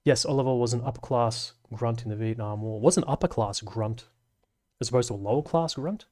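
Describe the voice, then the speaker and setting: A live stream host reads chat and talks casually, rambling, self-deprecating and packing in fillers. His voice is medium-pitched and a little mellow, and he speaks a little fast.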